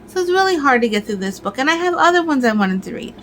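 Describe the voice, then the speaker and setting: A woman talks casually to her viewers in a lively, ranting way, full of fillers and restarts. Her voice sits a little high. A faint hum runs under the recording. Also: fast, poor audio. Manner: animated, ranting, lots of fillers. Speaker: crafting vlogger. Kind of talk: casual chat.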